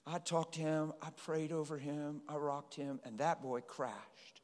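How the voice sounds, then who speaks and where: A man's voice: a little high, a little slow. A middle-aged man preaching a sermon to a congregation, telling stories and pleading with the listeners. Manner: storytelling, pleading and animated. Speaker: pastor. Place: church hall with a congregation. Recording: long hall reverb.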